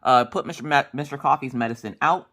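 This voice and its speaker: A woman's voice: rumbling low, quick pace, fairly bright tone. A woman in her thirties chatting casually while she crafts, rambling through family stories and acting out the dialogue. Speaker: crafting vlogger.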